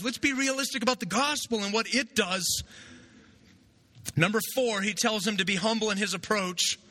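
A man's voice: high voice, sharp tone. A man preaching an expository sermon, reading scripture aloud and driving points home with rhetorical questions and frequent "right?". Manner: reads scripture aloud, then explains. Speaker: pastor.

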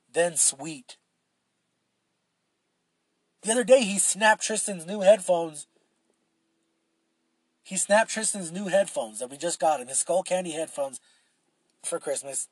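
A man's voice: high voice, breathy edge, no room sound. A young man hosting a solo podcast, rambling casually with lots of swearing and filler words. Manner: rambling and profane, with frequent fillers and restarts. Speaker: podcast host.

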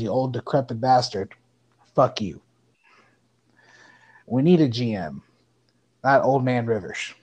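A man's voice: mid-range voice, darkish tone. A man in his late twenties co-hosting a sports podcast, ranting with heavy profanity and rising anger. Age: late 20s. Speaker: podcast co-host. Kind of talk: casual sports podcast chat.

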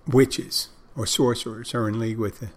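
A man's voice: mid-range voice, steady tone, moderate pace. A man hosting a show, talking to his listeners in a casual, meandering monologue that often stops to correct itself and lose its thread. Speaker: podcast host.

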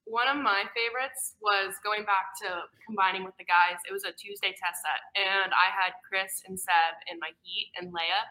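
Young female swimmer, bubbly, bright voice. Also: mid-range voice, moderate pace, few pauses, low-quality recording. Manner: bubbly, animated storytelling. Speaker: swimmer on a team. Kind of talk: casual interview answers.

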